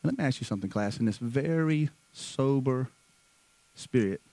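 A man preaching a sermon who moves between hushed, slow passages and loud, fervent stretches, often repeating words. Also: mid-range voice, animated, dry recording, low-quality recording. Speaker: pastor.

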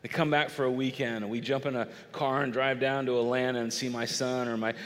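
A middle-aged man preaching a sermon in a lively, conversational way, acting out little bits of dialogue. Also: medium pitch, a little fast. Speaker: pastor. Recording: long reverb of a large hall.

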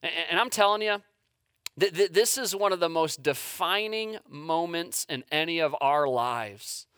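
A male pastor preaching a sermon who stammers and repeats words, swinging from hushed to intense. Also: a little high, animated, measured pace, smooth, no room sound, studio quality.

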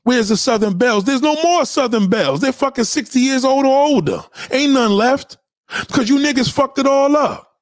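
A man delivering a profane, confrontational ranting monologue, swinging between loud outbursts and low mutters. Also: moderate pace, no room sound, clean studio sound.

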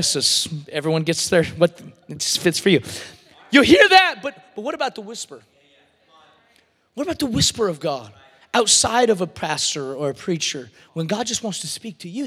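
A man preaching with a very high, bright and forceful voice. He surges into shouts and then drops almost to a whisper. His words ring out with the long reverb of a big church hall. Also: slightly rough. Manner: animated preaching, swinging from shouts to near-whispers. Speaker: pastor. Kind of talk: sermon. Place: church service.

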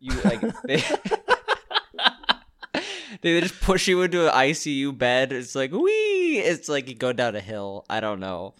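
A man's voice: medium pitch, fairly bright tone, clean tone. Joking man, casual podcast banter. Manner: joking, quick to laugh. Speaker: podcast co-host. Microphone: remote call.

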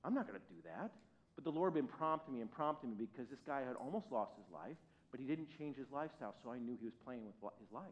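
A pastor tells a personal story during a church service, animated and self-mocking, his voice ranging from quiet to loud. He has a medium pitch and talks fast with hardly any pauses, and the recording has a dull, lo-fi sound.

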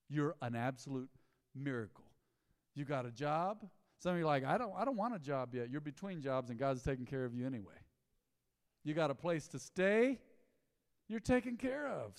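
Emphatic preaching man in a reverberant hall. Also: fairly high pitch. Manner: preaching with rising emphatic bursts. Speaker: pastor. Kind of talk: sermon. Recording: echoey hall with long reverb.

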